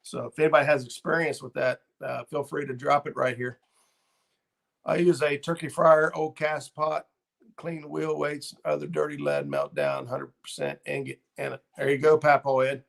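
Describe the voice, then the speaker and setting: Gravelly-voiced man chatting casually. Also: fairly high pitch, normal speed. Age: middle-aged. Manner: rambling, easygoing, lots of ums and uhs. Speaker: fishing channel host. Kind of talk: casual livestream chat reading viewer comments.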